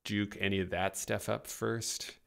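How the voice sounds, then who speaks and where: Low gravelly man thinking aloud. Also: steady tone, a little slow. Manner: chatty, laughs easily, thinks aloud. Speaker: game streamer co-host. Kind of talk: casual gameplay chat.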